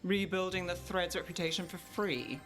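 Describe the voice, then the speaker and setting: A man's voice: sits high, steady tone, moderate pace, fairly bright tone, soft background music. An actor playing a skeptical male character in a video game who keeps probing with questions.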